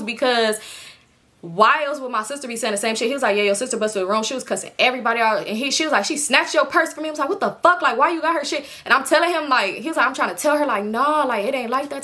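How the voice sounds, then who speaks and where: Fast-talking animated young woman storyteller. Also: fairly high pitch. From California, US. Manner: animated retelling, voices others with expletive-laden quoted outbursts. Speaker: storytime vlogger. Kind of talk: casual storytime vlog.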